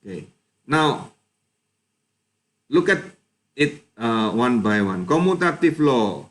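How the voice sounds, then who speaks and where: Guy teaching a class, super slow and patient. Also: medium pitch, big pitch swings, fairly bright tone. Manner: slow, patient, checks students' answers. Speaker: lecturer. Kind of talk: live online lecture.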